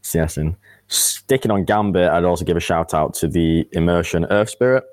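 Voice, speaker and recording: A British man co-hosting a podcast, explaining games in a measured, analytical way. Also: low voice, darkish tone, dry recording. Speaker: podcast co-host. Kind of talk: casual esports chat.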